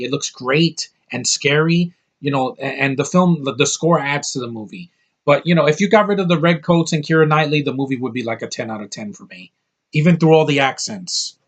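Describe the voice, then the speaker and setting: A man's voice: a little high, a bit bright. A man giving a casual spoken movie review, blunt and rambling, with profanity and frequent restarts.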